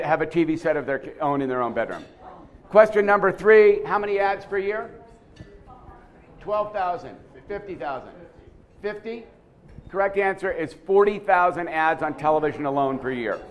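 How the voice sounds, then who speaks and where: A man leading a lively seminar quiz, putting questions to a live audience and often repeating himself as he goes. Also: high-pitched. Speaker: seminar speaker running a quiz. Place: conference room with a live audience.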